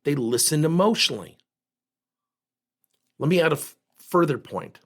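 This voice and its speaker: A man's voice: on the high side, moderate pace, slightly rough. A middle-aged man hosting his own coaching podcast, talking emphatically and driving his points home to listeners. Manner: animated, emphatic, acts out quoted dialogue. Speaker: podcast host and leadership coach. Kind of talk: solo podcast monologue.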